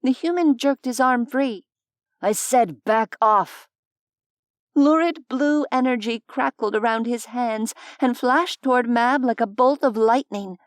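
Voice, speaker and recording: A woman reading a fantasy audiobook in a measured, expressive narration on a close studio mic. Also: sits high, no room sound.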